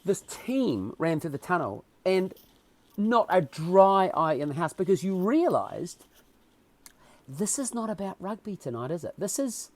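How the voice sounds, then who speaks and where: A man with a New Zealand accent, a podcast guest telling stories in a casual interview with animated, emotional delivery. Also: high voice, measured pace, no echo.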